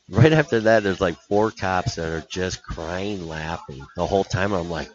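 A man's voice: low voice, normal speed, few pauses. A man, a hockey coach, telling a rambling road-trip story in casual podcast chat. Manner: animated, laughing storyteller with many restarts. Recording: dull lo-fi podcast audio.

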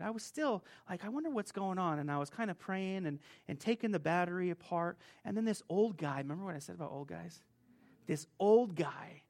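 Man preaching a chatty sermon. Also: sits high. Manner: conversational, animated storytelling, acts out rude clerks. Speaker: pastor. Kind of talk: sermon with personal story.

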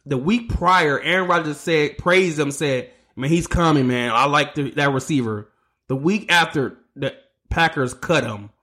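A man's voice: a little high, fairly bright tone. A man hosting his own sports podcast, ranting heatedly, swearing and stumbling over his words. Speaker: podcast host. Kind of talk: solo sports podcast rant.

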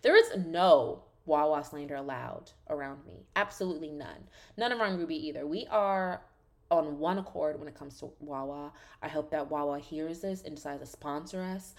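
A woman hosting a podcast, recapping a reality show in casual chat, sassy and animated, swearing freely and saying "like" constantly. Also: low-pitched, normal speed.

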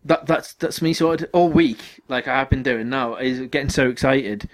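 A young man co-hosting a podcast in casual chat, excitable and rambling, with many restarts and fillers. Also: mid-range voice, moderate pace, slight background noise, low-quality recording. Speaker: podcast co-host.

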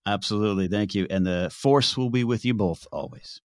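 A man's voice: on the low side, a little fast, dry recording, clean studio sound. A man, a guest author answering interview questions in a casual, hesitant way with many fillers and restarts.

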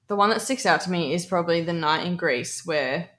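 A woman's voice: on the low side, a little fast, fairly bright tone. A young Australian woman, a podcast co-host, tells stories in casual chat, swearing freely and acting out the voices she quotes. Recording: echoey room.

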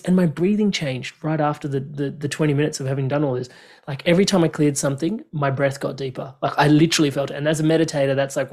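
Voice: mid-range voice, a little mellow. A podcast host chatting in an enthusiastic, rambling way and laughing often. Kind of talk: casual chat.

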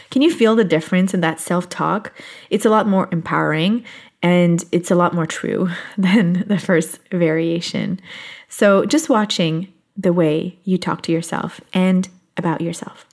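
A woman whose voice is on the low side and steady in tone talks her viewers through self-help topics gently and encouragingly. She laughs a lot and slows down for the points that matter most.

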